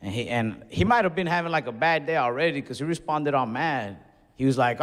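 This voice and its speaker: A man's voice: medium pitch, animated, brisk. A young man doing a stand-up comedy set, telling stories in a laid-back way and acting out his own outbursts. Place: comedy venue, large hall. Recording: live hall reverb, faint crowd ambience.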